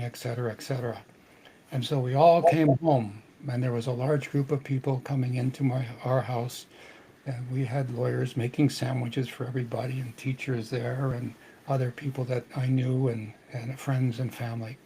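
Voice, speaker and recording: An older man telling a personal family story earnestly, with halting restarts. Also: medium pitch, fairly even intonation, mellow, slight background noise, poor audio. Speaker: podcast host.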